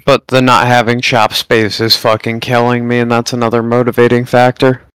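A man with a smooth, resonant voice chats casually as a podcast co-host, relaxed and loose with the swearing. The sound is dry and close, with no room around it. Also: mid-range voice, normal speed, dry recording, low-quality recording. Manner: laid-back, swears freely. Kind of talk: casual chat.

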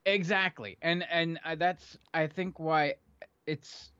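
A man's voice: fairly high pitch, steady tone, slow, bright, forceful tone, smooth, dry recording, highs cut off. A man co-hosting a casual podcast about movies, talking with enthusiasm and rambling restarts. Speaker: podcast co-host.

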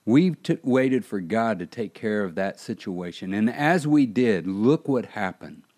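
A middle-aged man preaching a podcast sermon in a low, mellow voice. He tells his story earnestly and lifts into fervent exhortation. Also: lively intonation, measured pace. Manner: earnest preaching, rising in fervor. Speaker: pastor.

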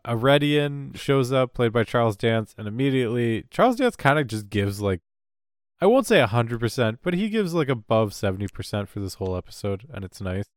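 A man co-hosts a casual recap podcast, joking and swearing as he goes. His voice swings widely in pitch. The sound is dry and close, with no room echo. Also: a little fast. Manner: animated, swears freely. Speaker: podcast co-host. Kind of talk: casual chat recapping a TV episode.

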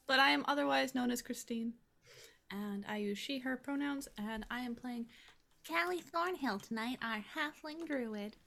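Lady with a headache, soft, kinda gravelly fry, intro for a tabletop game. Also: high voice, normal speed, pauses often. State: has a headache. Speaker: player.

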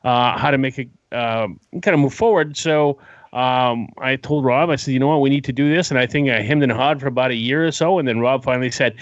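A man's voice: mid-range voice, brisk, no room sound. A Canadian man co-hosting a podcast, telling stories in a casual chat, mimicking voices and laughing often. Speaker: podcast co-host. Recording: slightly muffled audio.

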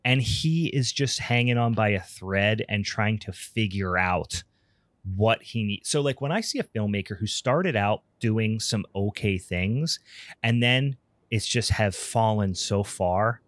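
A man's voice: on the low side, animated, unhurried, a bit bright, dry recording. A man co-hosting a casual film podcast, rambling in profane, laughing rants. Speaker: podcast co-host.

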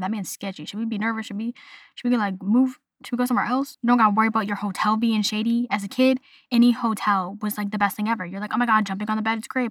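A young woman chats quickly and casually to her camera, hopping between her own voice and little put-on voices for the people she describes. The sound is close and dry, with faint music playing underneath. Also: mid-range voice, no echo. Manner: chatty, animated, acts out little voices of people. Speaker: vlogger. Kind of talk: casual solo vlog chat.

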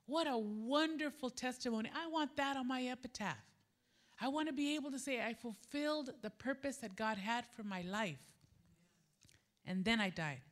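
A middle-aged woman preaching a sermon, telling a personal story and acting out the dialogue in an animated way. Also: normal speed. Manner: animated, acts out quoted dialogue with jumps in pitch. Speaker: preacher at a women's gathering.

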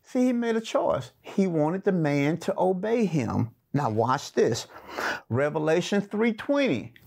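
A man's voice: high-pitched, big pitch swings, unhurried, creaky, darkish tone. A man teaching a sermon-style Bible lesson. He reads scripture aloud, explains it in plain words, and repeats key phrases for emphasis.

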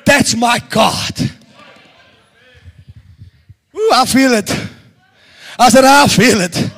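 A man preaching a sermon in an auditorium, shouting fervently, then dropping to a hush. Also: very high-pitched, very slow. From South Africa. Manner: shouting, stirred-up preaching with sudden quiet drops.

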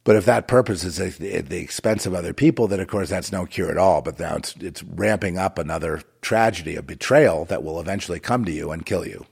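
A man's voice: sits low, brisk, creaky, hardly any pauses, a little mellow, husky. A man delivering a rambling, moralizing monologue with a sardonic, digressive way of talking.

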